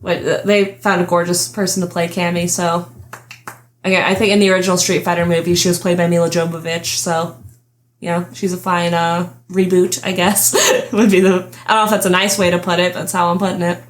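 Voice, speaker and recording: A woman's voice: on the low side, flat delivery, a little fast, a little hiss or hum. A young adult woman hosting a casual podcast chat, chatty and giggling often as she trails off and restarts her thoughts. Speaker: podcast host.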